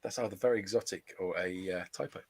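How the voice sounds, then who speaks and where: A man's voice: sits low, fast, gravelly, darkish tone. A British man co-hosting a live tabletop dice game, joking with his opponent and counting dice aloud. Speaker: game show co-host. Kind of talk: casual live game commentary.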